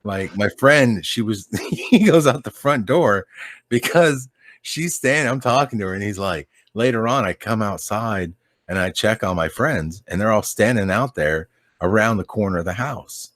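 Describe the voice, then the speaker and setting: A man's voice: fairly low pitch, lively intonation, moderate pace, fairly bright tone, no echo, clean studio sound. A man in casual chat as a podcast guest, telling a story in a laid-back, rambling way, swearing and laughing often.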